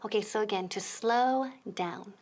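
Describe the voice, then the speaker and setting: A woman from the United States hosting a TV English lesson, clear and deliberate, slowing down for examples. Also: medium pitch, very noisy. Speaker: English teacher, host.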